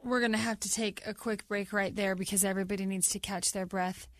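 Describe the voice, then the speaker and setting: A woman hosting an interview podcast, asking questions in a steady, conversational way. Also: mid-range voice, brisk, no room sound, clean studio sound. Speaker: podcast host.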